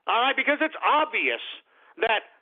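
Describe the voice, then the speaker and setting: A man's voice: extremely high pitch, sing-song, moderate pace. A man hosting a talk radio show, ranting angrily and profanely and asking "all right?" over and over. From United States. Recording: tinny phone-like radio audio.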